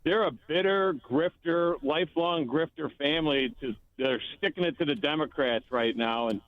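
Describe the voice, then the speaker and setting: A man's voice: a little high, no echo. Rambling male caller on a phone line. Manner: rambling, halting. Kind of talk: phone-in chat.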